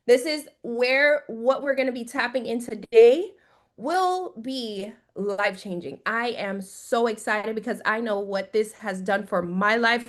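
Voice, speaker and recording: An upbeat woman from Jamaica runs an online class over a video call. Her voice sits high, and she cheerfully greets attendees by name while she sets out the rules. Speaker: trading coach.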